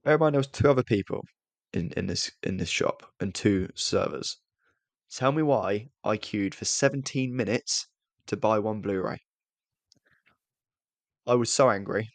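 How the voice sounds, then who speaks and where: A young adult British man co-hosts a podcast in casual conversation, speaking at normal speed in a fairly low voice with vocal fry. He rambles, restarts often, and runs himself down. There's no room sound, and his accent is British English.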